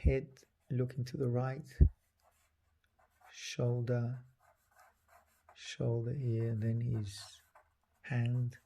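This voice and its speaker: Soft-spoken gravelly man teaching painting. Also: medium pitch, completely flat delivery, a little hiss or hum. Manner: soft-spoken, often drops to a whisper while painting; halting, thinking aloud with restarts. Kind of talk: live painting demonstration.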